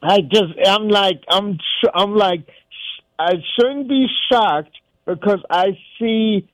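A man calling in to a radio show, telling a story in a rambling, halting way full of restarts. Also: high-pitched, no echo, rough recording. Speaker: caller. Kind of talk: phone-in chat.

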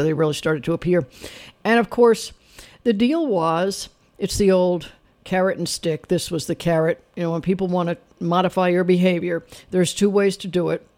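A man's voice: a little high, vocal fry, darkish tone. Wry older man talking on the radio. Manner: conversational, wry, opinionated storytelling. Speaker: radio host. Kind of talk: radio talk monologue.

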